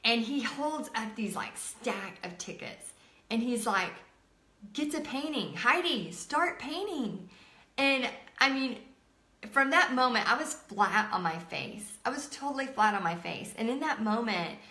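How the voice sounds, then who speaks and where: A woman's voice: a little high, animated, measured pace, sharp tone. Chatty woman telling stories in an echoey room. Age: 30s. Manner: chatty, filler-heavy, emotional retelling. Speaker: artist hosting a live stream. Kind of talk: casual live-stream storytelling.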